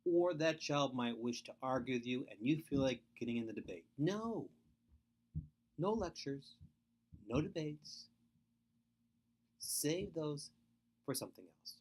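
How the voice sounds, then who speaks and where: A middle-aged man speaks in an earnest, emphatic webinar lecture. His pitch rises and falls a great deal as he stresses each point. He often circles back to repeat the key advice. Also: lively intonation, a little slow, long pauses, darkish tone. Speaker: foster care speaker.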